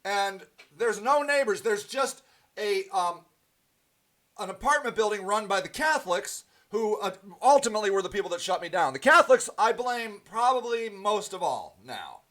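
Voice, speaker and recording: A man's voice: sits high, very animated, normal speed, fairly bright tone. A man hosting a livestream, ranting angrily and profanely to his viewers and answering their comments, with many ums and restarts. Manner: profane, angry and emphatic, with frequent ums and restarts.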